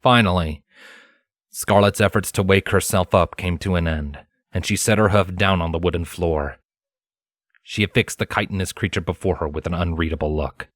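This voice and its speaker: Deep-voiced man narrating a story. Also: normal speed, no echo, studio quality. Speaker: fanfiction reader. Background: faint background music.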